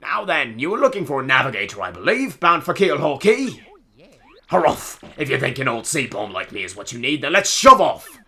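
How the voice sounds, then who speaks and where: A man's voice: mid-range voice, sing-song, brisk, bright, forceful tone, slightly rough, voice pushed up, heavily acted. A man voicing a mournful old male sailor from a game, putting on a British accent and speaking in a stiff, old-fashioned way. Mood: rousing. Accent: put-on British. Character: old male sea-faring bomb sailor, mournful and formal.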